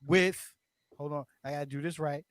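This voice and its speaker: A man's voice: a little high, steady tone, normal speed, a bit bright. A man hosting a podcast, upbeat and promotional as he signs off the show. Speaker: podcast host. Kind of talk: show sign-off.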